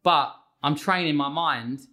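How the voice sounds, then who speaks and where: A man in his thirties talks as a podcast guest. His voice is a little high and bright. He speaks with eager energy and often restarts his sentences. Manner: energetic, quick restarts and repeated words. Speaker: guest, fitness coach. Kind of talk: casual podcast conversation.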